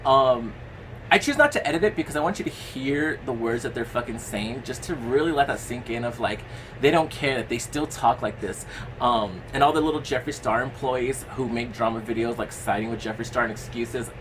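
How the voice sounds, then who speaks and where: A man's voice: mid-range voice, brisk, background noise. A young man talking in a casual commentary vlog, rambling with lots of fillers, blunt and given to swearing. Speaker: commentary vlogger.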